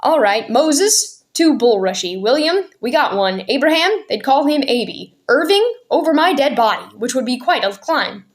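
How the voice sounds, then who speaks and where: A man's voice: very high-pitched, animated, normal speed, hardly any pauses. A woman reading the part of a busy father of a big family, clipped and impatient, sometimes teasing.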